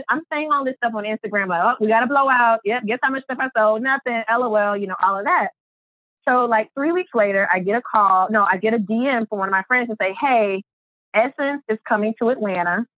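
A woman's voice: quick pace, dry recording. Woman telling her story in an interview, acts out the quotes, dry tinny phone-line sound. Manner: lively, acts out quotes with big pitch jumps, many fillers. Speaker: artist and business founder, interview guest.

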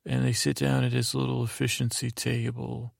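A man hosting a sleep podcast, recapping a show in a meandering, halting way with lots of fillers and restarts. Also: medium pitch, little pitch movement, vocal fry, no echo, clean studio sound. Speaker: podcast host.

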